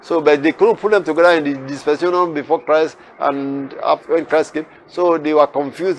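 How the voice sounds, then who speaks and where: Man, fairly high voice, Bible teaching, repeats phrases, homely examples. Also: steady tone, fairly quick, hardly any pauses, slight background noise. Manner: explains with repeated phrases and everyday examples, reads scripture aloud louder.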